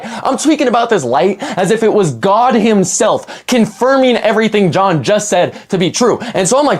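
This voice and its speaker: Animated young man telling a story. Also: high voice, moderate pace, hardly any pauses. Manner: animated, rambling, heavy use of "like". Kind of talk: casual storytime narration.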